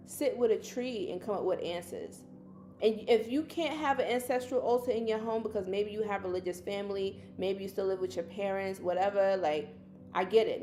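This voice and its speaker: A woman's voice: medium pitch, dark tone, slight background noise. A woman teaching casually on a livestream, chatty and colloquial, who calls listeners baby. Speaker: spiritual teacher hosting a livestream.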